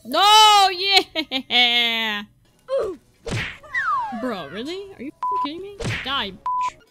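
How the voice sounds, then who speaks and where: A young woman commentating her own game playthrough, excitable and swearing freely, reading the on-screen text aloud. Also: high-pitched, drawn-out words. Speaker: gaming channel host. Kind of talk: let's-play commentary. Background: faint game music.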